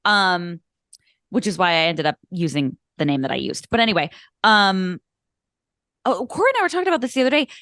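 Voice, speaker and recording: A woman's voice: lowish voice, animated, a little fast, pauses often, a bit bright, no echo, clean studio sound. A woman co-hosting a podcast, chatting casually and rambling with frequent laughs. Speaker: podcast co-host. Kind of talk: casual chat.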